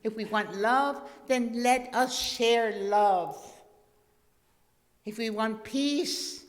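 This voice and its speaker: A woman minister preaches at a slow, gentle pace and comes back to her key words again and again. Her voice carries a long reverb, as if it fills a big church hall. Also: on the high side. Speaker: guest minister. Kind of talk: sermon.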